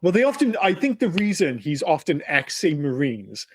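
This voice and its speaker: A man's voice: a little high, moderate pace, breathy edge, dry recording. A married man co-hosting a film podcast, chatting casually and bluntly with plenty of swearing. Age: adult, married. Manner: blunt, sweary, animated storytelling. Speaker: podcast co-host.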